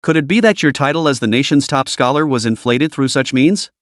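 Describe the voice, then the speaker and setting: A man's voice: mid-range voice, animated, brisk, no echo, clean studio sound, natural voice. A man voicing a jealous, sneering young male student who taunts his rivals in a storybook recap. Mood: taunting. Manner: mocking, taunting.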